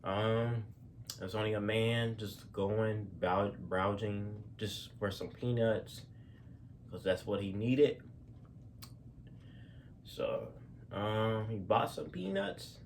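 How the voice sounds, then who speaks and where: Guy telling stories off the cuff, lots of ums and restarts, lowish voice, faint hum behind. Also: takes it slowly, gravelly, long pauses. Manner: rambling, with many fillers and restarts, casual slang. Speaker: storyteller. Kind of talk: casual spoken storytelling.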